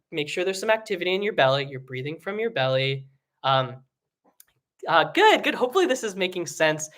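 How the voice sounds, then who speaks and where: A man teaching singing in a casual, rambling way, with many fillers and restarts, breaking into high sung examples. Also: bright, forceful tone. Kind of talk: live online singing lesson.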